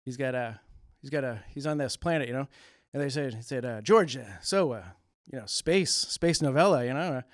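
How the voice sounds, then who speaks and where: A man doing an impression of a deadpan male comedian, with a slow, halting, drawling delivery full of uhs, in a local cable TV studio. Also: mid-range voice, no echo, natural voice.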